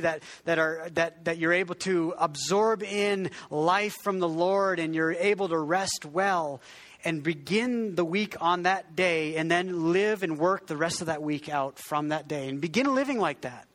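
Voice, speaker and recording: This man preaches as a pastor in a relaxed, conversational way, his voice on the high side, a bit bright, at a moderate pace. He's self-deprecating, frequently starts sentences over, and has the congregation say words back to him.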